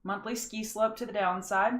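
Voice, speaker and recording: A woman from Louisiana with a Southern accent, hosting a casual live pre-market trading show, folksy and chatty, greeting viewers by name and slowing down to enunciate. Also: medium pitch, steady tone, a bit bright, a little hiss or hum. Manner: slows down to enunciate carefully.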